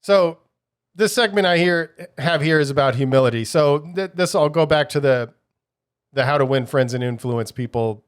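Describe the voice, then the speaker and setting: A man's voice: fairly high pitch, normal speed, smooth. Rambling, musing male podcast host. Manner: rambling, many restarts, musing. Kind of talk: casual solo podcast talk.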